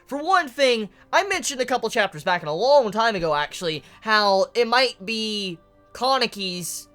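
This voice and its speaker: A reviewer talking casually through a comic chapter, swearing freely and acting out the characters' lines with bursts of excitement. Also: medium pitch, moderate pace, faint music behind. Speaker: manga reviewer. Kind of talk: casual video commentary.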